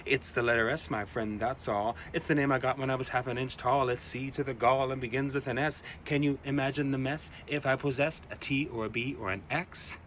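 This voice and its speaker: A man's voice: fairly low pitch, moderate pace, a bit bright, slight background noise, natural voice. A man voicing a proud, playful young male seagull who chants in sing-song rhyme.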